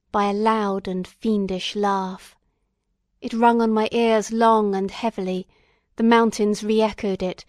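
A woman's voice: medium pitch, a little mellow, no room sound, clean studio sound. Solemn woman reading a classic novel. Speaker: audiobook reader. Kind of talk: scripted narration.

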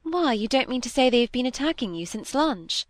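A woman's voice: high-pitched, expressive, moderate pace, no room sound, pitched above the performer's own voice. A woman reading aloud, voicing an earnest, plain-spoken young woman.

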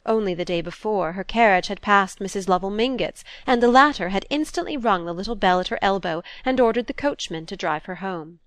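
A woman's voice: mid-range voice, no room sound. Woman reading a classic novel. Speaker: audiobook narrator. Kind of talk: scripted narration of a classic novel.

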